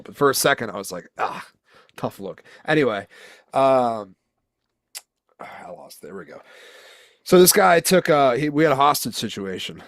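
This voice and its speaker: A man's voice: lowish voice, fairly bright tone, no echo. A young man co-hosting a sports talk show, reading odd news stories aloud and riffing on them with jokes and swearing. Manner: profane, joking storyteller reading headlines aloud. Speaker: podcast co-host. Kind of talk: casual chat.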